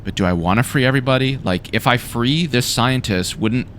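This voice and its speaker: Excitable man narrating his gameplay. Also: medium pitch, fairly quick, a little hiss or hum. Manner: excitable, swears, reacts loudly to the game. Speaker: gaming YouTuber. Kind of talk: casual let's-play commentary.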